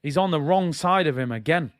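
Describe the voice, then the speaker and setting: A young man giving excitable, slang-heavy live commentary as he watches a football match, now and then bursting into shouts. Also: fairly high pitch, brisk. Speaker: football fan streamer.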